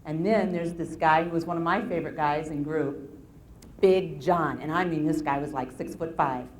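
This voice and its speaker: A woman lecturing on anxiety at a live seminar, telling case stories in an animated way with frequent restarts. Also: low-pitched, moderate pace, slight background noise. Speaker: anxiety self-help lecturer. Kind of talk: live motivational seminar talk.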